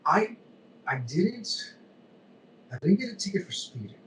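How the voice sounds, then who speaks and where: A man's voice: sits high, big pitch swings, a little slow, slight background noise. A man from New Jersey as a podcast guest, talking candidly and laughing at his own mistakes. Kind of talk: casual podcast chat. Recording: roomy, distant mic with faint ambience.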